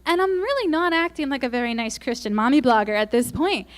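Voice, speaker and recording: A woman's voice: animated, a little fast, hardly any pauses. Humorous woman giving a faith talk. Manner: self-mocking, humorous storytelling; acts out quotes in a higher, louder voice. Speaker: speaker at a Christian women's conference. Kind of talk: faith-based conference talk.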